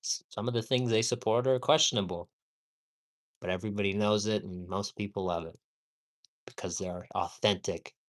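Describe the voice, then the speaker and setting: A man's voice: lowish voice, fairly even intonation, moderate pace. Profane man ranting on a livestream. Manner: profane, emphatic, rambling. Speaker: live streamer. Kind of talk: casual livestream rant. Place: at home.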